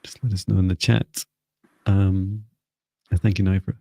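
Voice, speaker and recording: A man hosting a live psychic reading who guides listeners in a calm, slow voice, with many fillers and restarts. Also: low voice, vocal fry, no echo, faint music behind. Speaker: psychic reader and live-stream host.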